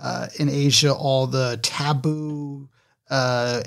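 A man co-hosting a casual hip-hop review podcast, steering the discussion and explaining background in a halting way, with fillers. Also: mid-range voice, flat delivery, gravelly. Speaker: podcast co-host.

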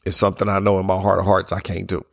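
A middle-aged man with a hoarse, worn voice, hosting a casual solo podcast and giving blunt opinions while yawning between sentences. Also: low-pitched, completely flat delivery, rapid-fire, no echo, clean studio sound. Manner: blunt, opinionated, loose and conversational. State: hoarse, strained voice from yelling. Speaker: podcast host.

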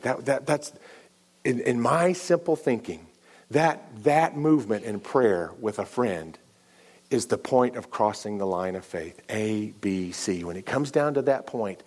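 Animated male pastor preaching. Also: mid-range voice, moderate pace. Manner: animated and repetitive, many restarts, acts out dialogue. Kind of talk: sermon storytelling.

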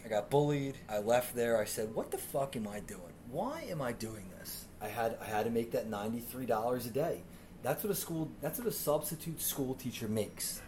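A man's voice: medium pitch, a little mellow, a little hiss or hum. A man hosting a podcast, telling exasperated, profane comic stories. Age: 30s. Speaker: podcast host. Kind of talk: comedic storytelling monologue.

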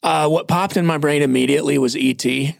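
A man's voice: a little high, steady tone, fairly quick, vocal fry, no room sound, clean studio sound. A man in his forties, a pastor, telling stories in a plainspoken, self-deprecating way in a casual church podcast chat.

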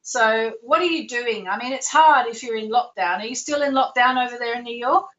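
A woman's voice: fairly high pitch, fairly quick, a bit bright, far from the mic, dull audio. A woman hosting an astrology call-in show, talking in a chatty, reassuring way and sometimes correcting herself.

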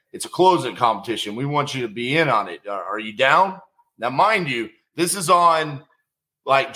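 A man's voice: mid-range voice, sharp tone. A man hosting a podcast, chatting casually with his guest and retelling a story. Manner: conversational, lots of fillers and restarts. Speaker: podcast host. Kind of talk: casual interview chat.

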